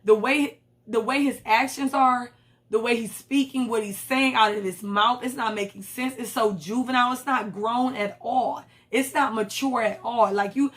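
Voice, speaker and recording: A woman's voice: a little high, steady tone, normal speed, a bit bright. A young woman, recapping a reality show in casual, blunt and profane commentary and acting out the lines she quotes.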